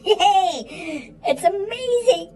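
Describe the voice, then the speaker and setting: Kids' puppet: woman voicing a goofy boy, high and slow, hammy and swooping, with faint room noise. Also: expressive, a little mellow, full character voice, rough recording. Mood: melodramatic. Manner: hammy, teasing, fake-sobbing delivery. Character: goofy, melodramatic male puppet kid. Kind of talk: children's puppet show.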